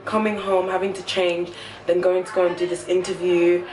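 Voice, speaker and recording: A woman's voice: on the low side, flat delivery, moderate pace. A tired young woman in her twenties, chatting casually and expressively to a handheld camera for her vlog. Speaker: vlogger. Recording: loud background noise, passing traffic. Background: loud ambient noise and vehicles.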